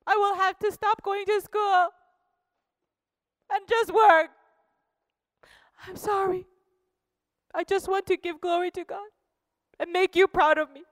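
A woman's voice: very high-pitched, steady tone, unhurried, long pauses, no room sound, studio quality, pitched above the performer's own voice. A woman playing an anxious pious young student. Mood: pleading. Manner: earnest, pleading and sighing.

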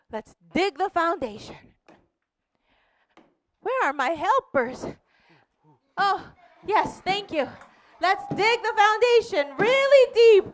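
A woman playing a bold, cheerful male missionary in a children's church skit, animated and playful. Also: sits high, a little hiss or hum, heavily acted.

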